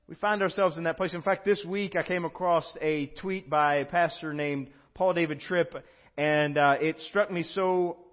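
Slightly high-voiced male pastor preaching. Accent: Southern American. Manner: reads out quoted texts, voice drops soft and slow for tender lines. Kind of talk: sermon. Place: church sanctuary. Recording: dull lo-fi church recording.

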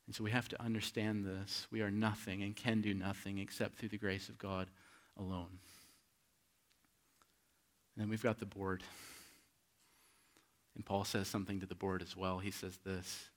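A pastor preaching a sermon, asking rhetorical questions and swinging between hushed and loud, emphatic delivery. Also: male voice, lowish voice, flat delivery, normal speed, pauses often.

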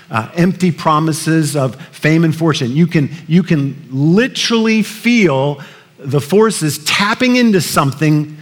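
A pastor giving a conversational sermon, telling stories with many fillers and restarts. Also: male voice, on the high side. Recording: long reverb of a large hall.

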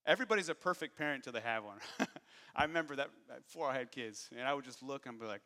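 A male pastor in his thirties preaches in a bright, forceful voice and tells candid stories about his own failures with a dry, self-deprecating edge. His words hang in the long reverb of a large church hall. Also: mid-range voice, fast talker. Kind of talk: sermon.

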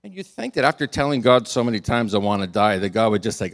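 A man preaching a sermon as pastor. He tells the story in an animated, amused way, chuckling often and repeating words as he drives a point home. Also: fairly low pitch, quick pace.

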